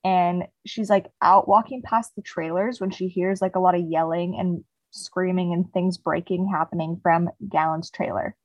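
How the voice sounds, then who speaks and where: A woman's voice: lowish voice, steady tone, normal speed, no echo, highs cut off. A young woman co-hosting a podcast, casually retelling a book's plot with lots of "like" fillers. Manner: rambling retelling, heavy "like" fillers. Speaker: podcast co-host. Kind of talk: casual book chat.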